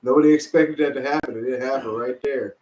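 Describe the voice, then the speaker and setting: A young man co-hosting a podcast in a casual chat, telling animated stories and laughing often. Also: medium pitch, fast, distant mic. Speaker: podcast co-host. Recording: echoey room.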